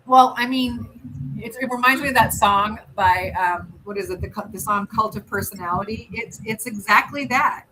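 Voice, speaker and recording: A woman's voice: mid-range voice, moderate pace, sharp tone, low-quality recording. An American woman hosting a casual livestream, chatting and rambling with lots of ums and restarts. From United States. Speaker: livestream host. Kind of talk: casual chat while doing nail art.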